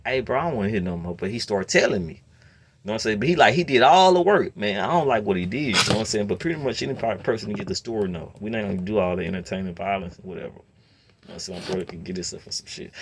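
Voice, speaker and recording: Animated man telling a story. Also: very fast, husky. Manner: animated, swings between low mutter and loud outbursts. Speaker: storyteller host. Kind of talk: casual storytelling rant.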